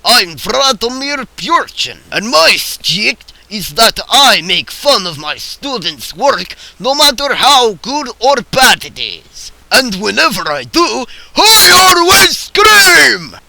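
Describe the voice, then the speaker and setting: A man's voice: sits high, very animated, slow pace, vocal fry, few pauses, bright, forceful tone, dry recording, exaggerated voice, rough recording. A man voicing a furious male Russian celebrity chef who screams insults at his students. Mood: boastful.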